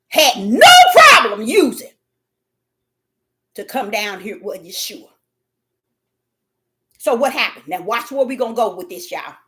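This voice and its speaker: Woman, preacher, fervent sermon, shouts then hushes, animated melodic voice. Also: high voice. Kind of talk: impassioned sermon.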